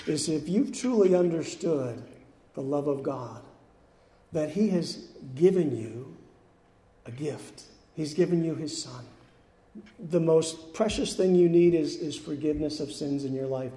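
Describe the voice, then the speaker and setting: A man preaching a sermon in an earnest, emphatic way, slowing on key phrases and dropping soft at the ends. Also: a little high. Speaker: pastor. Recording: echoey hall with long reverb.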